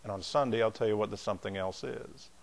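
A man's voice: lowish voice, fast talker, vocal fry. A pastor, a man, teaching a Bible class in a loose, conversational way, with restarts and asides to his students. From not from the American South.

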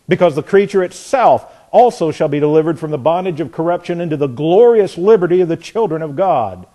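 A man's voice: a little high, expressive, fairly quick, hardly any pauses. Man preaching, reading scripture. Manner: reads scripture aloud, questions the congregation; builds from soft to emphatic. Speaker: pastor. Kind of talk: sermon.

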